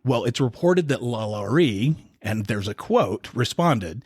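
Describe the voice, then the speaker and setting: A man co-hosting a podcast, casually retelling a dark historical story in a relaxed, conversational way. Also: mid-range voice, a little slow, few pauses, dry recording, studio quality. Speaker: podcast co-host.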